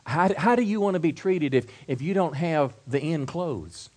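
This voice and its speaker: A middle-aged man preaching a sermon, stumbling and repeating words, swinging from soft asides to loud build-ups. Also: fairly high pitch, animated, normal speed. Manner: repeats words and restarts, acts out quoted voices. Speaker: pastor.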